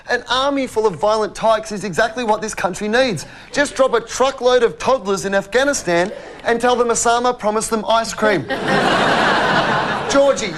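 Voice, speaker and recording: A man's voice: sits high, background noise. A man hosting a satirical comedy show, delivering jokes with punchy timing. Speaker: host. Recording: loud studio audience. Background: audience laughter, music.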